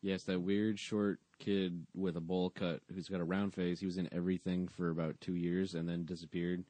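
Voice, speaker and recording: A low-pitched man with a dark, mellow tone talks casually on a podcast, retelling a TV episode with dry, mocking sarcasm. The sound is close and dry, with no room around it. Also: little pitch movement, moderate pace, dry recording. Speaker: podcast co-host. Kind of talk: casual chat recapping a sitcom episode.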